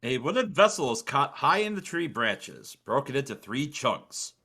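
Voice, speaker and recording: A man's voice: medium pitch, moderate pace, creaky, breathy edge. A man running a tabletop game as game master, narrating scenes and calling for rolls. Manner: relaxed, with fillers and restarts, reads boxed text.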